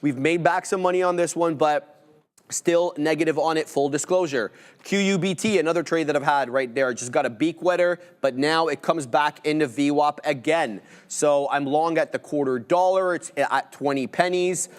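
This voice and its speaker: A man on a live trading stream with a voice pitched a little above average. He reads out prices and fills as they hit the tape and adds quick playful jokes. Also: clear, resonant tone. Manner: calls out price levels and orders as they fill, with playful asides. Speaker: day trader co-hosting a live market stream.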